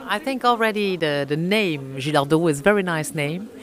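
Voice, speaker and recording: A middle-aged woman with a French accent speaks English carefully, stopping often for fillers and restarting her phrases. She answers interview questions about her oyster business in an unhurried, searching way. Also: low voice, a faint crowd. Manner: halting, many fillers and restarts. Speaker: oyster farm owner.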